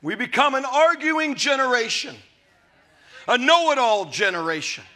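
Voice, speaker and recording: A man in his fifties preaching a sermon to a live congregation, emphatic and often shouting, with jokey storytelling. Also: extremely high pitch, expressive, moderate pace. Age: 50s. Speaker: pastor. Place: church service before a live congregation.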